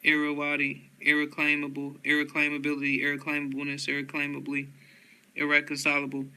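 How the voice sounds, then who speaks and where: A man reading dictionary entries aloud one word at a time, in a flat listing manner with occasional stumbles and restarts. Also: on the high side, fairly quick, smooth.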